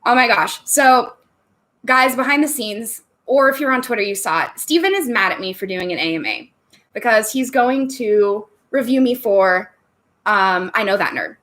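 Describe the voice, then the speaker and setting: A woman's voice: on the high side, expressive, normal speed, fairly bright tone. A woman hosting a casual livestream from a room at home, chatty and bubbly, laughing often between thoughts. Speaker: livestream host.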